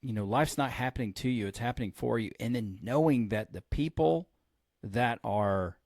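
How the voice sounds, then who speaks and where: A pastor hosting a podcast tells a long story in a relaxed, chatty way, speaking at normal speed in an ordinary-pitched voice. He animatedly acts out the lines of the people involved, sitting close to the mic in a dry, dead room.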